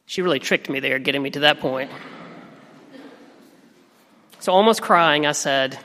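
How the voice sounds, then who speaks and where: A man in his thirties preaching a sermon as pastor, telling a family story in a gentle, reflective way. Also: a little high, a little slow, long pauses. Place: church sanctuary. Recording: reverberant sanctuary.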